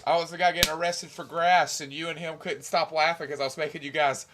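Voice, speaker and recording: A man's voice: fairly high pitch, little pitch movement, fast, background noise. A young man casually chatting on a stream, rambling and swearing as he reminisces about old videos. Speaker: stream co-host.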